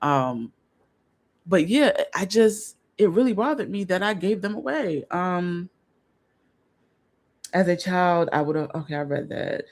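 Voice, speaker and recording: A woman's voice: fairly low pitch, animated, measured pace, long pauses, a little mellow. Woman vlog host, casual storyteller, chatty and earnest, many restarts. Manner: rambling, restarts, chatty asides to viewers; earnest, openly emotional.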